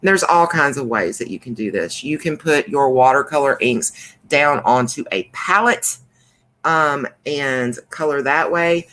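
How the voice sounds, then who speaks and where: Brief: female craft demo host, relaxed slow pace, chatty and full of fillers. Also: a bass voice. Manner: chatty, rambling, with many fillers and restarts. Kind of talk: casual crafting demonstration.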